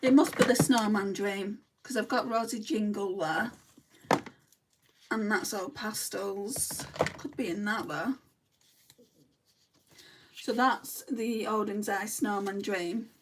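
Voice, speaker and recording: A woman's voice: mid-range voice, slow, pauses often, noisy background. Chatty Lancashire woman with a distant mic. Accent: Lancashire English. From Lancashire, England. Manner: chatty and blunt. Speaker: beauty vlogger. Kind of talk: casual makeup livestream chat, answering viewer comments.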